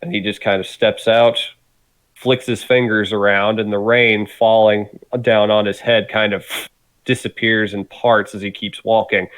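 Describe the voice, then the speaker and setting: Male game master, relaxed and rambling, lowish voice, dry close mic. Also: unhurried, no room sound. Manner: relaxed, rambling, laughs easily. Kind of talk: narrating a tabletop game.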